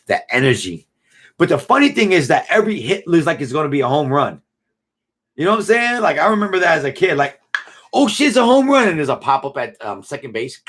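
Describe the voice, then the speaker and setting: A man's voice: fairly high pitch, very animated, fast, fairly bright tone. A man, hosting a casual live stream and reading out viewer comments in laid-back, slangy banter. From Buffalo, New York. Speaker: livestream host reading chat.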